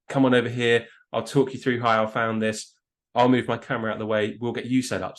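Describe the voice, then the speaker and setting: A man with a southern English accent talking casually in a podcast interview, enthusiastic and self-deprecating, often restarting his words. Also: fairly low pitch. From England. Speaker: guest photographer.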